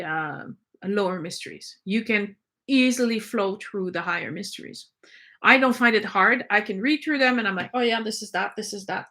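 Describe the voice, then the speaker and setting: A woman giving an informal spoken lecture on spiritual practice, thoughtful and unhurried, often pausing with fillers and correcting herself. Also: a little high, a bit bright. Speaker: spiritual teacher.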